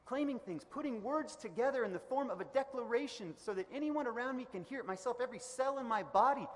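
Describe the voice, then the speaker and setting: High-voiced man speaking in an echoey hall. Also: quick pace. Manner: energetic and emphatic, building to loud repeated declarations. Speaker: commencement speaker. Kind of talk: motivational commencement speech. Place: large indoor event hall.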